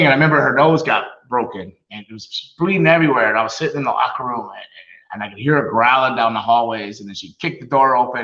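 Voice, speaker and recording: Animated man telling wrestling stories, roomy sound. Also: mid-range voice, dull audio. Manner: animated storyteller, laughs often, acts out quotes. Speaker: guest, retired wrestler. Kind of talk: casual storytelling interview.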